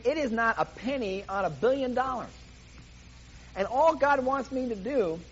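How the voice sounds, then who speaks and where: A man's voice: high-pitched, lo-fi sound, a little hiss or hum. A man preaching a sermon in an emphatic, impassioned way, often repeating himself for emphasis.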